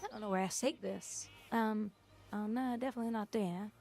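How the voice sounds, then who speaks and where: A woman's voice: mid-range voice, fairly quick, a little mellow, soft background music. A young woman streamer chatting casually on a livestream, blunt and opinionated, rambling from one thought to the next.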